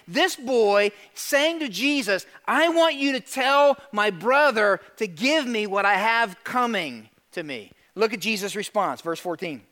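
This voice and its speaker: A middle-aged male pastor preaching a lively sermon, acting out quotes and calling for amens. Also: sits high. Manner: animated preaching, asks for amens, acts out quotes.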